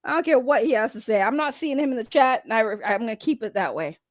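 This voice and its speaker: A young woman with a high voice rants bluntly at her livestream chat, swearing freely. Her voice sits close and dry on a desk mic, with almost no room sound. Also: lively intonation, fast talker, no room sound. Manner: blunt, heavy swearing, talks straight to chat. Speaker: livestream commentary host. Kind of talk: ranting livestream commentary.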